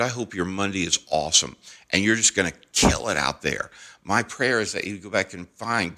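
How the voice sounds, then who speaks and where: A man with a deep voice and a crisp, forceful brightness in his tone, hosting a morning devotional podcast. He preaches in an earnest, encouraging way. He repeats key phrases and shifts the stress each time.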